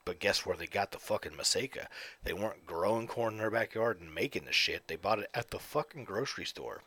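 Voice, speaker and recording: This solo podcast host sounds animated and fairly quick, his fairly low voice bright, forceful, and husky. He rants profanely and at length into a close desk mic from home in the evenings.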